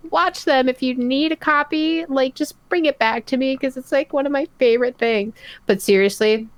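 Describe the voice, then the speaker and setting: A young woman guests on a casual podcast, talking in an easygoing way full of fillers and slowing when she thinks aloud. Her voice is smooth and clear. It sounds dry and close, with no room echo. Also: high voice.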